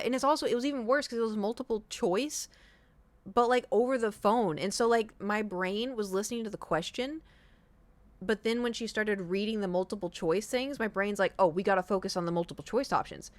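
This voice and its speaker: A woman's voice: mid-range voice, moderate pace, no echo. Rambling woman in her thirties streaming. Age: 30s. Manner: rambling, animated storytelling with restarts and swearing. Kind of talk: casual live-stream chat.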